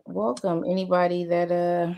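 A woman's voice: on the low side, flat delivery, normal speed, gravelly, warm tone. A woman co-hosting a casual podcast with blunt, teasing banter, speaking. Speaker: podcast co-host. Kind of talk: casual chat.

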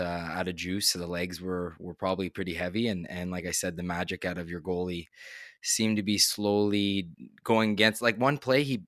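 A man's voice: sits low, a bit bright, no room sound, clean studio sound. A man co-hosting a podcast, chatting casually and teasing his co-host. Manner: teasing, chirping banter. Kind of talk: casual chat.

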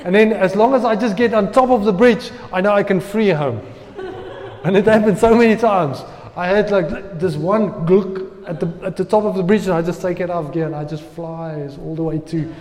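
Animated pastor in a hall. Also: male voice, high-pitched, moderate pace. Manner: animated storyteller, acts out his own prayers loudly. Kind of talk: sermon with personal story.

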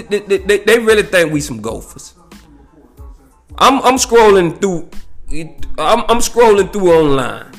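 A man telling a story in a profane, animated rant, peppered with "you know what I'm saying". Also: on the high side.

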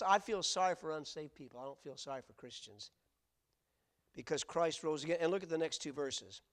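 Male pastor, fairly high voice, emphatic sermon with repeated phrases, reads verses aloud. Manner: emphatic preaching with repetitions, reads scripture aloud.

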